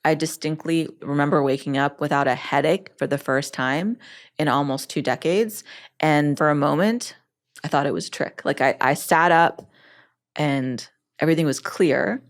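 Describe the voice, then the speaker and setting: A woman hosting her own show, telling a personal story in a lively way with laughs and quoted dialogue. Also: low-pitched, moderate pace. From Egyptian family background. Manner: lively, animated retelling with laughs and acted-out quotes.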